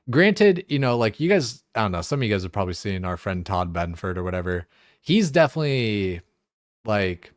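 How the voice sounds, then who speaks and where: A man's voice: low voice, no echo, clean studio sound. A young adult man streaming a game, chatting casually and rambling with lots of swearing and filler words. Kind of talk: casual chat while gaming.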